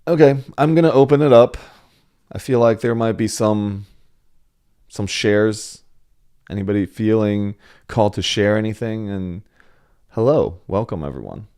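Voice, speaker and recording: Slow, deep-voiced man hosting a call. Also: expressive, warm tone. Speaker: host of a sharing group. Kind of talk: casual group facilitation.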